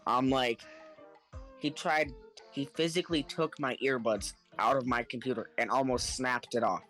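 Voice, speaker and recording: A man telling a story in casual podcast chat, animated and acting out the people in it, laughing now and then. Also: medium pitch, normal speed, faint music behind. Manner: animated, acts out the other people in his story; laughs between lines.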